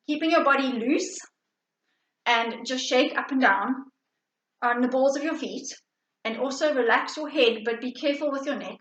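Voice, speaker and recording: A middle-aged woman from South Africa gives gentle wellness instruction in a slightly high voice. She explains calmly and patiently, often pausing on fillers and restarting her sentences. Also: rough recording. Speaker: vitality coach.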